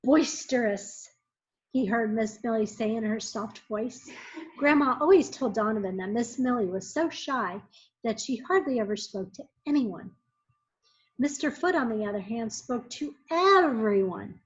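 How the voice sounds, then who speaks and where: A woman's voice: a little high, expressive, normal speed. Woman teacher reading a storybook. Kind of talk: reading a children's book aloud. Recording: muffled lo-fi recording.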